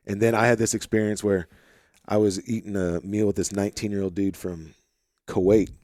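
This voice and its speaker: A man with a light Arkansas twang hosting a podcast, chatting in a relaxed, rambling way with plenty of fillers, in a home office. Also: on the low side, brisk, no room sound, studio quality. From St. Louis, Missouri. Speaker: podcast host. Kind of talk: casual conversation.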